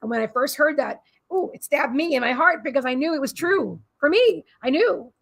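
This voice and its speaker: A woman's voice: sits high, animated, moderate pace, vocal fry. A middle-aged woman, a psychic healer giving a live-streamed spiritual reading in a rambling, repetitive, soothing way.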